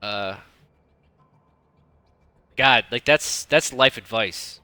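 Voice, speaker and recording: A man, a streamer casually coaching a viewer in a blunt, profane, rambling way with a fairly monotone delivery. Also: mid-range voice, very slow, smooth, dry recording. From United States (Detroit). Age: 30s. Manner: self-described monotone delivery.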